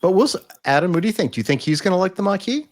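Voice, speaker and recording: A man's voice: high voice, animated, very fast. A man hosting a TV review podcast, reading a scripted intro and then explaining plot points in casual chat. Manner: explanatory, with frequent fillers and restarts in chat. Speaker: podcast host reviewing TV episodes.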